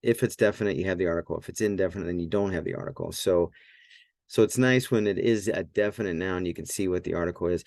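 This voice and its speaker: Low-voiced male tutor, relaxed and full of fillers, dry close recording. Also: fast talker, vocal fry, no room sound. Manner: relaxed, thinking aloud with many fillers and restarts. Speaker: Greek teacher. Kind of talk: whiteboard language lesson.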